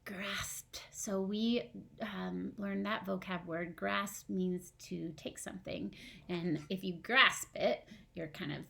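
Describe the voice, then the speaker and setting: A woman's voice: mid-range voice, takes it slowly, gravelly, fairly bright tone. A young woman, a first grade teacher at home, reading a storybook aloud and chatting with her class. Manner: chatty, asks the kids questions.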